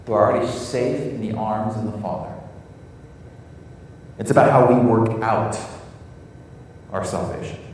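An earnest middle-aged American man delivers a sermon, his low, mellow voice often circling back on words as he finds the phrasing. He is picked up from a distance in a large church hall with long, booming reverb. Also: a little hiss or hum. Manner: earnest, repeats words while searching for phrasing. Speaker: pastor. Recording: echoey hall from far off.

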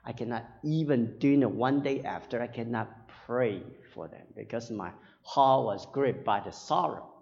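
A male pastor preaching a sermon in a halting, earnest way, often tagging his phrases with a questioning "right?". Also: medium pitch, gravelly, a little mellow. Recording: dull sound with long hall reverb.

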